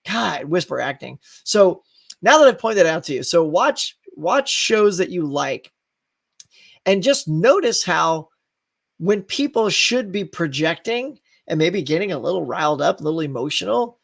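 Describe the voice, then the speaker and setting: A man hosting a live stream, chatting in a loose, rambling way with a gravelly edge. His voice sits high for a man. The sound is dry and close to the mic. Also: dry recording. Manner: rambling, animated, laughs between thoughts. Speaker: live show host. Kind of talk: casual live-stream chat.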